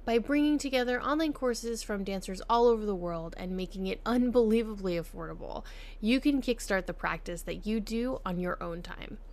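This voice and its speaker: An upbeat woman hosts a podcast, moving from a scripted introduction into a relaxed interview. Her voice sits at a middle pitch and her manner stays friendly. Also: moderate pace. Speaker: podcast host.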